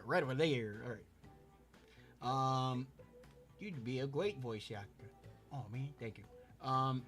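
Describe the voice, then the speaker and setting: Bright, high-voiced man streaming his drawing. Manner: rambling, repeats words, reads chat aloud while drawing. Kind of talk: casual live-stream chat. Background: faint background music.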